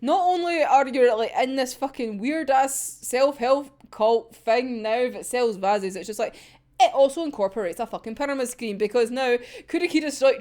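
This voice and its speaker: A woman's voice: on the high side, a little mellow. A young woman chatting casually about manga, rambling, swearing freely and giggling often. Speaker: manga reviewer. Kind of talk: casual chat.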